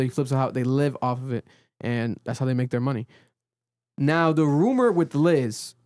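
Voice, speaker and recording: A man co-hosting a podcast, recapping a reality show in casual chat and acting out quotes with sudden pitch jumps. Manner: animated storytelling, acts out quotes with big pitch jumps. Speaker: podcast co-host. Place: podcast studio.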